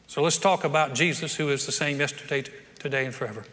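Pastor guy preaching, folksy and jokey, bright voice, big reverby church hall. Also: medium pitch, fast talker, hardly any pauses. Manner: folksy, joking, conversational preaching with acted quotes. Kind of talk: sermon.

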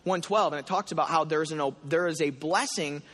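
A man preaching a sermon in a church, telling a story with animated asides and acted prayers. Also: on the high side, fairly quick. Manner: animated storytelling, voicing his own prayers. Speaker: pastor. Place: church hall. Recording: long hall reverb.

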